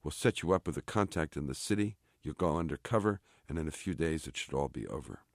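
Man reading as a gruff, blunt army sergeant. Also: rumbling low, animated, quick pace, no echo, clean studio sound, exaggerated voice. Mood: explaining.

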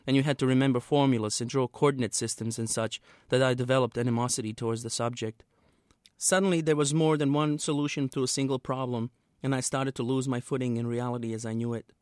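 A man, the author, reading a passage from his own novel aloud in a steady, measured way. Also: mid-range voice, clear, resonant tone, no room sound, studio quality.

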